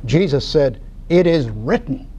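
A man's voice: on the high side, animated, unhurried, dark tone, husky, highs cut off. A man giving a church Bible study lecture to a class, teaching in a folksy way with casual asides.

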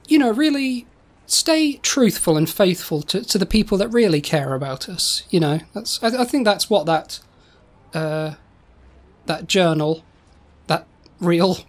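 A woman co-hosting a comedy podcast, telling a silly story in a rambling, halting way with many repeated words. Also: on the low side. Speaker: podcast co-host.

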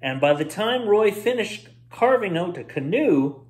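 A man hosting a bedtime story show, reading a children's book aloud expressively. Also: high voice. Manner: expressive, drawn-out read-aloud.

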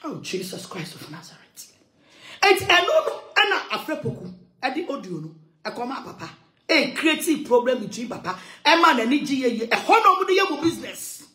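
A woman ranting loudly in a heated monologue, switching between English and Twi, with shouting and sing-song outbursts. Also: sits high, big pitch swings, fairly quick, reverberant. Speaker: social media commentator.

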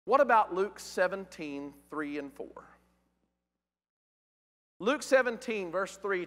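Male preacher, high and bright, emphatic sermon delivery. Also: expressive, takes it slowly, pauses often. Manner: questioning, emphatic, reads scripture aloud. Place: church sanctuary. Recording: church hall with long reverb.

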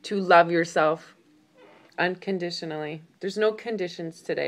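A woman's voice: fairly low pitch, moderate pace. A woman coaching a client over a video call, speaking emphatically and encouragingly. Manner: warm, emphatic, becomes tearful. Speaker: weight-loss coach.

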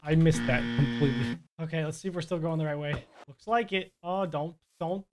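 A young man giving excitable live commentary while playing a video game, muttering one moment and yelling the next. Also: fairly high pitch, a little fast, noisy background. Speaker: gaming YouTuber.

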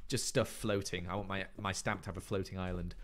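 A man's voice: sits low, steady tone, fast, a little hiss or hum. A young man chatting casually on a game stream, teasing and reading chat messages aloud.

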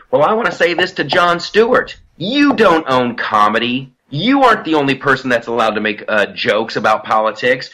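A man hosting a casual political podcast, animated and profane as he rants. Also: mid-range voice, brisk, hardly any pauses. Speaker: podcast host.

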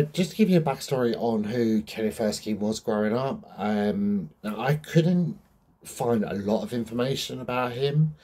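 A man's voice: lowish voice, dark tone, husky. A young man hosting a true crime channel, explaining a case in a casual, rambling way full of ums and asides.

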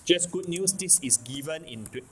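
A Singaporean man lectures on math in a fairly high voice that swings widely in pitch. He repeats himself for emphasis and keeps checking that students follow. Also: animated, moderate pace, noisy background. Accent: Singaporean English. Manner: repetitive, keeps checking in with "okay? can?". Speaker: math teacher. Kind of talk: classroom lecture.

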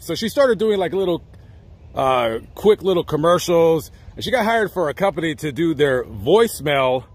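A man's voice: a little high, sing-song, moderate pace, husky. A man vlogging outdoors at a cemetery, telling a story in a rambling, chatty way with joking asides. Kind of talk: casual storytelling.

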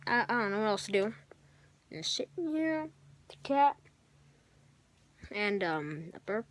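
A woman's voice: medium pitch, very animated, a little slow. A girl vlogging from her bedroom, rambling and self-mocking, often sighing and dropping to a whisper. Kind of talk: rambling casual vlog to camera. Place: bedroom, on a bunk bed.

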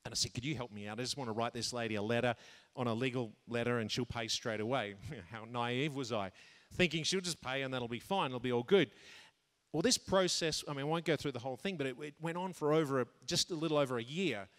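Speaking fast in a large conference hall, a man tells a personal story in a sermon to a men's conference. He's animated, his voice jumping high when he acts out his own thoughts, and he laughs at himself. The recording carries long hall reverb.

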